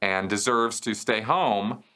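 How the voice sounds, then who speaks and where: A man's voice: fairly low pitch, slow pace, sharp tone, clear, resonant tone. A man hosting a question-and-answer show, explaining a concept conversationally and checking in with the listener as he goes. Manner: conversational, checks in with "okay?" and "right?". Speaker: host answering viewer questions. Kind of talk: explanatory casual talk.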